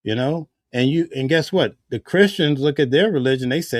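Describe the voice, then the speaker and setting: A man's voice: medium pitch, animated, a little fast, few pauses, dry recording, studio quality. A man giving casual spoken commentary in a heated, preachy way, full of rhetorical questions. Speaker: vlogger.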